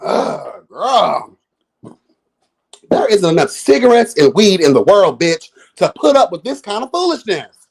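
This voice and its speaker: A man in his late thirties hosts a live review of a reality show. He rants in a sassy, profane, exasperated way. His pitch swoops up and down all the time. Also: big pitch swings, a little slow, gravelly, breathy edge. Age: 30s. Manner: addresses listeners as girl and y'all.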